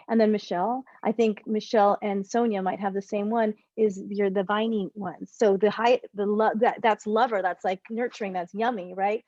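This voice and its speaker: A woman's voice: medium pitch, normal speed, few pauses, no echo, dull audio. A woman relationship coach leading a group session over a video call, explaining in a rambling way and often restarting her sentences. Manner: rambling, self-correcting, animated explanations.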